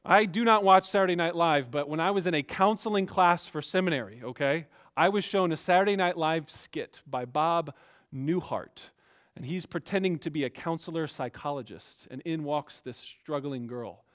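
High-voiced man preaching with emphasis. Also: moderate pace. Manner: emphatic, swings between quiet asides and raised exhortation. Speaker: pastor. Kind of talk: sermon.

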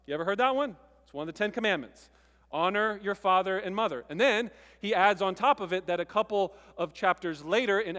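A man preaching a sermon in a casual, conversational way, stressing words with pauses between them. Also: high-pitched, fairly bright tone, in a large hall. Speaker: pastor.

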